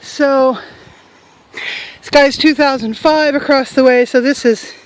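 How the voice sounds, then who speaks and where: High-voiced older woman vlogging outdoors. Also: steady tone, measured pace, poor audio. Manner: chatty, self-mocking, joking. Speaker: travel vlogger. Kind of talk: casual chat to camera. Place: outdoors in a hillside cemetery.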